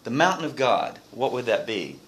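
A man leads a Bible study for a small class, reading scripture aloud and firing questions at the group. His pitch swings widely as he explains and asks. He sounds mid-range in pitch, neither high nor low. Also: very animated, normal speed, a bit bright, rough recording.

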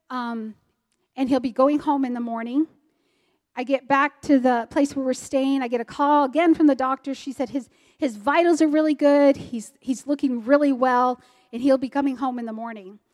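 A woman from the United States, around her forties, with a high, light voice. She tells her personal testimony earnestly and vividly, recounting events as she lived them. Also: moderate pace, darkish tone, in a large hall. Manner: earnest, vivid retelling that acts out dialogue. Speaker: speaker giving a personal testimony. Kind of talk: emotional storytelling testimony.

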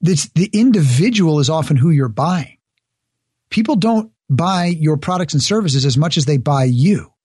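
A man's voice: fairly high pitch, expressive, moderate pace, a little mellow, slightly rough, no echo, clean studio sound. A man speaking as an interview guest, earnestly explaining his ideas through examples in a conversational way.

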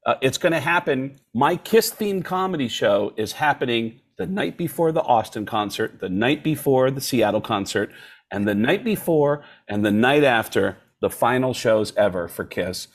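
A male comedian tells stories on a podcast in an animated, joking way. His voice sits in a middle range. He keeps the talk lively and full of jokes. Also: mid-range voice, normal speed. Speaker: comedian guest. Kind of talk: casual podcast storytelling.

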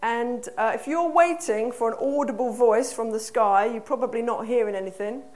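An English woman with a fairly high voice preaches to a congregation. She talks in a conversational, earnest way and keeps asking the room questions. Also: normal speed, darkish tone. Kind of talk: sermon. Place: church hall.

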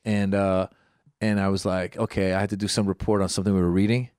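A middle-aged man co-hosting a podcast, telling stories in an animated way. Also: low-pitched, quick pace, smooth, no room sound, studio quality. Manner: animated storyteller. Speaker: podcast co-host. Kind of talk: casual chat.

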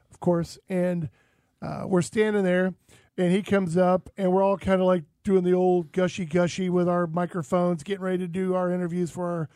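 A man from Texas hosting an outdoors radio show, telling stories in a casual, animated way and laughing often. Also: high-pitched, no room sound.

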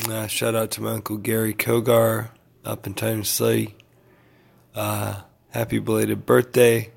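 Gravelly laid-back man rambling. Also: fairly low pitch. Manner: laid-back, meandering, filler-heavy. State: tired, yawning. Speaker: vlogger. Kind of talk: casual rambling update.

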